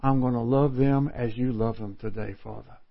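A man's voice: medium pitch, steady tone, normal speed, vocal fry, phone-quality sound. A man preaching a sermon in a folksy, self-mocking way, laughing often as he works through a Bible passage.

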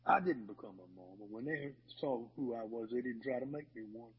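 A pastor preaching a sermon, telling folksy stories in a rambling way with many restarts. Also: male voice, medium pitch, brisk, slightly rough. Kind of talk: sermon with storytelling. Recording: dull lo-fi recording in a hall.

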